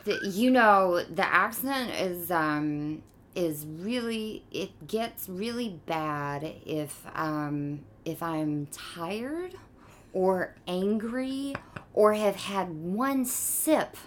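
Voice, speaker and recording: Slow-talking Southern-drawled woman. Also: on the low side, animated, a little hiss or hum. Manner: soft, sweet drawl, unhurried. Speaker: photographer guest. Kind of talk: casual interview chat. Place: living room couch.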